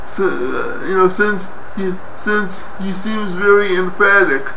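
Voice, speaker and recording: A flustered young student nurse, as a man puts her on, stumbling and stammering over every sentence. The voice is high and bright. It is captured from a distance in a roomy space with a faint hiss behind it. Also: gravelly, full character voice. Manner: halting, stammering.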